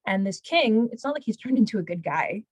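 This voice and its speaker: Higher-voiced woman retelling a story. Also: fairly quick, slightly rough, dry recording, rough recording. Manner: lively retelling with acted-out quotes, many fillers. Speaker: rebbetzin, Torah teacher. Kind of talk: casual storytelling talk.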